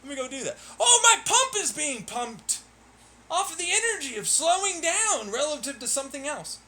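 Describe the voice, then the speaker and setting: A man's voice: extremely high pitch, very animated, normal speed, pushed and bright, slight background noise. A young man streaming alone, rambling while he plays, swearing, laughing and ranting in irritation. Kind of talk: rambling solo talk while playing.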